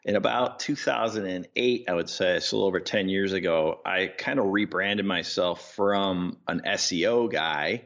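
A man speaks as a podcast guest, relaxed and friendly. His voice is low and gravelly, and the sound is dull and lo-fi. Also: normal speed, few pauses. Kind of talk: casual interview chat.

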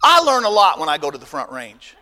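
A man preaching a sermon as pastor, folksy and emphatic, swinging between loud bursts and quiet asides. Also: a little high, wildly swooping pitch, brisk, in a large hall.

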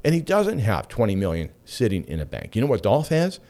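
Brisk and fairly low in pitch, a middle-aged man delivers a laid-back talk radio monologue. He's a lively storyteller, chatty and given to plenty of asides.

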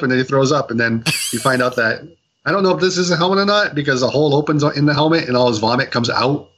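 A man's voice: medium pitch, lively intonation, fast talker, a bit bright, breathy edge, poor audio. Rambling man recapping a story with fillers. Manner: rambling retelling full of fillers and quoted dialogue. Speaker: podcast co-host reviewing comics. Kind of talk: casual chat.

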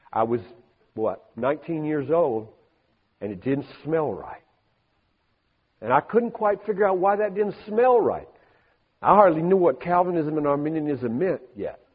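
An older man preaching a sermon as a pastor, emphatic, moving from soft asides to rising peaks. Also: on the high side, husky. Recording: hall reverb on a thin, phone-like band.

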